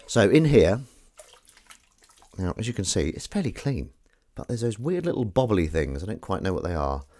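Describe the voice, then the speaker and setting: A man's voice: on the low side, sing-song, moderate pace, mellow. A man chatting casually to live-stream viewers while washing up in his kitchen, rambling with jokey asides. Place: home kitchen at the sink.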